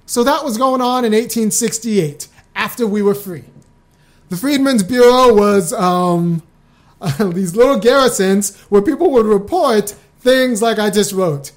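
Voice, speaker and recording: A woman's voice: medium pitch, measured pace, darkish tone. A middle-aged woman hosting a casual commentary show, talking wryly and reading out old letters. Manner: conversational, wry, speeds up when emphatic.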